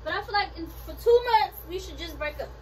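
A woman with a very high voice talks casually, insistent and repetitive. She is recorded from a distance, with clear background noise around her. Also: lively intonation, fast talker. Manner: insistent, repeating herself. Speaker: vlogger. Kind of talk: casual prank banter. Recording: distant mic in a noisy room.

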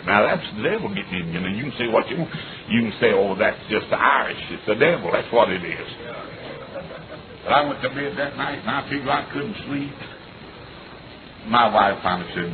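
A middle-aged man preaching a sermon, telling a family story and building to fervent, shouted passages. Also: mid-range voice, animated, fairly quick. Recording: tinny lo-fi recording with noise.

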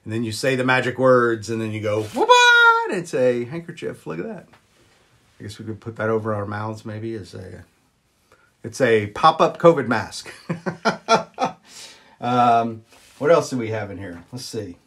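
A man chatting casually on a live stream, greeting viewers and filling pauses with ums as he shows old magic props. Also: expressive. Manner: chatty, greets viewers, jumps up high on exclamations; frequent ums and uhs. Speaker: vlogger showing magic props.

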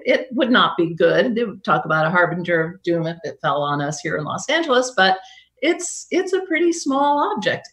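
A woman's voice: medium pitch, fairly bright tone. A woman hosting a live science program from home over a video call, chatty and given to wry, self-mocking jokes. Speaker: science show host. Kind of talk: live remote science presentation.

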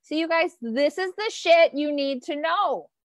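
Woman, 30s, nutrition coach; high voice, chatty and animated, salty language, close dry mic. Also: measured pace, no room sound. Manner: animated, casual, swears freely, reacts to viewer comments. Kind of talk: live-streamed coaching talk.

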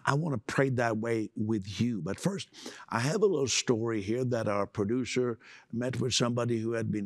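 An older man preaching a sermon as pastor, emphatic and animated, acting out quotes along the way. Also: mid-range voice.

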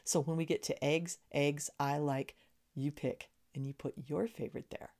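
A woman's voice: low voice, fairly even intonation, normal speed, darkish tone. A woman teaching an elementary music lesson to young children, encouraging them and chanting rhythm syllables. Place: screen in front of her.

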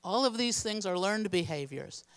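A woman's voice: medium pitch, expressive, normal speed, clean tone, big-room sound. A woman giving a midweek church teaching in an earnest, plainspoken, practical way. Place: church sanctuary.

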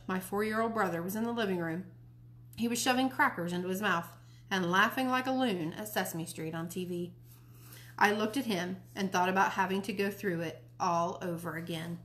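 A woman from a library reading a children's novel aloud in a friendly, informal way. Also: medium pitch. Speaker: library storytime reader.

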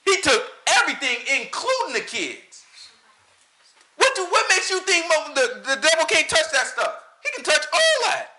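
Lively, bright-voiced man preaching casually. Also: very high-pitched, normal speed. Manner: animated, talks to the room, mimics pastors. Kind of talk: casual sermon.

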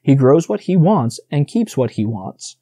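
A man's voice: mid-range voice, very animated, a little slow, dark tone, no echo. A man reading the part of a proud young male deer who boasts about his time with people, in an audiobook. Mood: boastful.

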